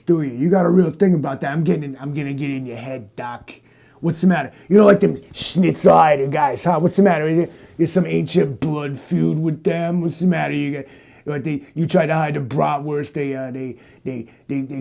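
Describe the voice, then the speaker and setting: A man voicing a brash, loud tough-guy cop who talks in a cocky, bullying way and keeps calling the other man "Doc". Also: a little high, fairly even intonation, moderate pace, gravelly. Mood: needling.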